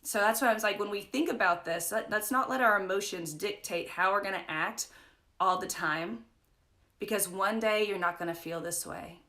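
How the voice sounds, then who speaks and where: A woman's voice: medium pitch, moderate pace, pushed and bright. Chatty young woman leading a Bible study. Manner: chatty storytelling with frequent "like" and "right?". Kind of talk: casual livestream Bible study talk. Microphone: phone or webcam for a live stream.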